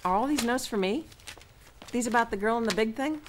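A woman's voice: on the high side, brisk, slight background noise, lightly acted. A woman voicing an eager, inquisitive researcher who keeps pressing for answers.

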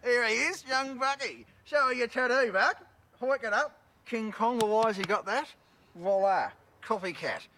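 An actor playing a crude, boastful Australian career criminal who swears constantly and bosses people around, in a film drama. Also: male voice, mid-range voice, normal speed, a bit bright, a little hiss or hum, lightly acted. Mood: bossy. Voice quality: coarse, swears constantly, bossy. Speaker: convicted criminal giving a television interview.

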